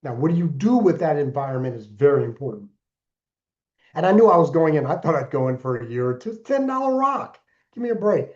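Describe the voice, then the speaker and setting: Man in his sixties, podcast guest, earnest deliberate storyteller, emphatic bursts, mellow dark tone, dull lo-fi sound. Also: mid-range voice, expressive. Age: 60s. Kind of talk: personal story in interview.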